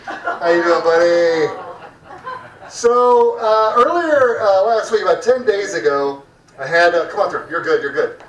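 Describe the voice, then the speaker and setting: High-voiced man hosting a comedy night. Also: animated, a little slow, a bit bright. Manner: crude, rambling, joking with the crowd. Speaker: comedy show host. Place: back room of a restaurant. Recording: echoey room, mic heard from far off.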